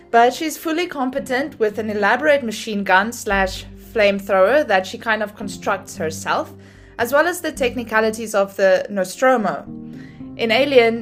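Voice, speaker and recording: A woman hosting a podcast, explaining ideas in a chatty lecture style with fillers and little laughs at her own asides. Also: a little high. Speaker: podcast host.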